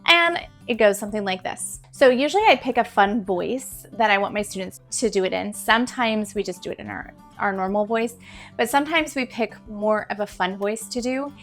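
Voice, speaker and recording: A young woman teacher chats to camera in a medium-pitched, fairly bright voice at a moderate pace, offering classroom tips. She's encouraging and repeats points for emphasis, with faint music playing behind her.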